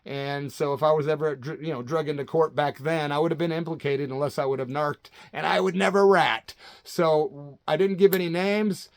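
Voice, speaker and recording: A man's voice: on the high side, normal speed, creaky, dry recording, studio quality. A man in his late fifties, a channel host from Central Illinois, telling a story casually and animatedly, ending his sentences with "man". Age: 50s. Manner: animated, says "man" constantly.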